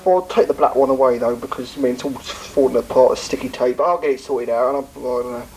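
A man's voice: mid-range voice, fast, darkish tone, a little hiss or hum, close to an everyday voice, rough recording. A man voicing a bumbling, apologetic male car thief who rambles and hesitates. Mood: sheepish.

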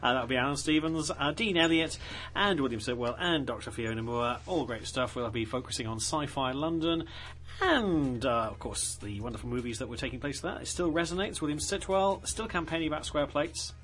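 A man's voice: a little high, a little fast, a bit bright, a little hiss or hum. A man presenting a community radio show, chatty and jokey with guests and co-host. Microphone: studio microphone.

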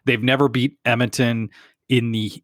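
Man, brash excitable sports podcast co-host, dry sound. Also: mid-range voice, moderate pace, no echo. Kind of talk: casual sports chat.

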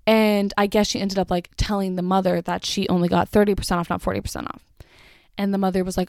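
A woman's voice: mid-range voice, little pitch movement, fast, creaky, a little mellow, no room sound, clean studio sound. A young woman telling an exasperated storytime rant about her cashier job, swearing and filling with "like" constantly. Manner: exasperated, swears, lots of "like" fillers.

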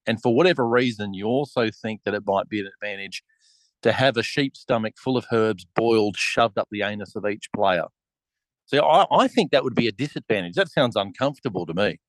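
A man's voice: fairly low pitch, lively intonation, brisk, dry recording, rough recording. A man hosting a casual podcast chat over a remote call, asking questions in a wry, mock-serious way. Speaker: podcast host.

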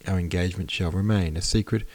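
Male reader as a serious, restrained prince, deep and earnest. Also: steady tone, fast talker, darkish tone. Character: grave aristocratic male suitor, reserved.

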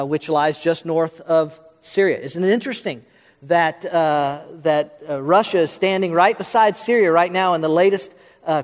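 A man preaching a Bible-study sermon, speaking quickly, with frequent restarts and filler words, and pushing up into questions he asks the room. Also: fairly high pitch. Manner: talks quickly, restarts and fills in with uh, rising to questions. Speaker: pastor. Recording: long hall reverb.

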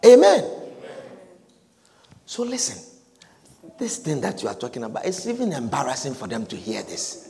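A man preaching a sermon, animated and repetitive, with calls of hallelujah and amen. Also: mid-range voice, moderate pace, creaky, long pauses, in a large hall, slight background noise.

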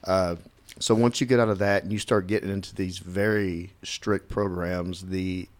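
A man's voice: deep voice, fairly even intonation, moderate pace. A man hosting an interview, asking long, searching questions that restart as he goes. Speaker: podcast host, first responder.

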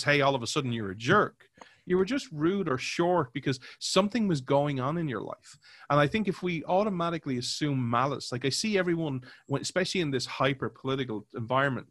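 Male podcast co-host, animated casual talker, mid pitch, dry booth. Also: no room sound. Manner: animated, acts out quoted voices, many fillers. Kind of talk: casual conversational commentary.

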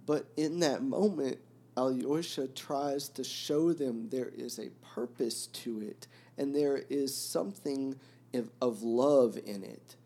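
A man with a mellow, darker tone talks through his thoughts at an ordinary pitch. He hesitates often, restarts sentences and leans on fillers as he reflects on a book for his podcast. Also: takes it slowly. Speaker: podcast host discussing a novel. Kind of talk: reflective casual talk.

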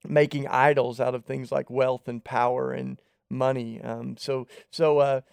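A man's voice: mid-range voice, level tone, unhurried, gravelly, darkish tone, smooth, no echo. A man co-hosting a podcast, talking earnestly and conversationally in a casual faith discussion. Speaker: podcast co-host.

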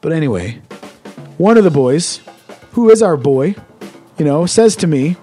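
A Canadian man co-hosting a podcast in casual banter, ranting loudly and swearing a lot. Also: on the high side, animated, moderate pace, pauses often, soft background music. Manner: loud, ranting, heavy swearing. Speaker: podcast co-host.

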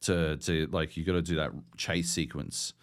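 A young Australian man co-hosting a gaming podcast, ranting and swearing through an animated story. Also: a bass voice, moderate pace. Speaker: podcast co-host. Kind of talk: casual chat.

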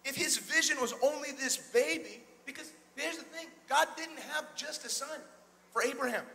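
A male pastor preaching an energetic sermon in a church, calling out to the congregation and retelling scripture in a casual, conversational way. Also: very high voice, moderate pace, creaky. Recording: long hall reverb.

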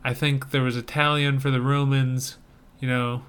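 A young man co-hosts a casual podcast chat, enthusiastic and rambling. His voice is smooth and resonant, sitting at a middle pitch. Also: little pitch movement, moderate pace, fairly bright tone. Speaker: podcast co-host reviewing trailers.

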